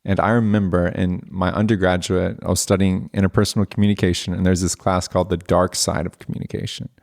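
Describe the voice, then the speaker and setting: Guy w a really deep voice hosting a podcast, thoughtful questions. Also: little pitch movement, fast, creaky, darkish tone. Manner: reflective, asks questions, ends points with "right?". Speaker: podcast host. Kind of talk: conversational interview.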